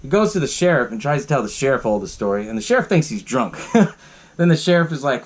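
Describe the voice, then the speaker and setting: A man's voice: medium pitch, big pitch swings, fast. Profane, chuckling podcast host guy. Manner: profane and laughing, lots of fillers. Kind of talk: casual movie recap.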